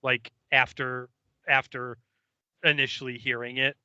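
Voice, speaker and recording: Bright-voiced sarcastic man on a podcast. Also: medium pitch, measured pace, clean tone, dry recording, highs cut off. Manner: deadpan sarcastic, easygoing. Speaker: podcast co-host. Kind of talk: casual chat.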